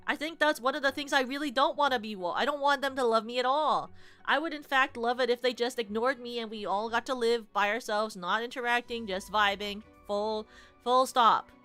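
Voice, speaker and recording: Bright high-pitched young woman streamer. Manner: animated, heavy use of "like", shrieks when reliving scares. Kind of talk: casual storytelling to chat.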